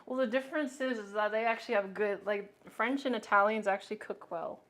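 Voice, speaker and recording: A woman's voice: medium pitch, a little fast, a bit bright. A woman chatting casually on a cooking live stream, offhand and talkative, with lots of filler words.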